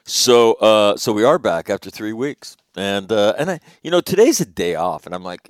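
A middle-aged man from Northern California hosting a radio show, telling a long, rambling, profane story with lively quoted asides. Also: fairly low pitch, moderate pace, few pauses, dry recording, studio quality. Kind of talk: casual storytelling monologue.

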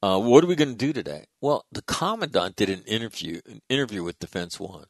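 A middle-aged man with a low, gravelly voice hosts a casual show and spins a story in a blunt, profane, animated way. The sound is dry and close, with no room around it. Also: fairly quick, no room sound. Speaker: show host.

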